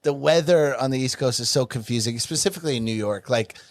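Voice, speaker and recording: A man's voice: mid-range voice, fast talker, no echo. A young man on a podcast telling comedic stories in a casual, profane way, acting out the people he quotes. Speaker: podcast co-host.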